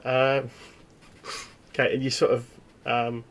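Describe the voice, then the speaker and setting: A man narrating a tabletop horror game as game master, in halting, descriptive storytelling. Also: medium pitch, monotone.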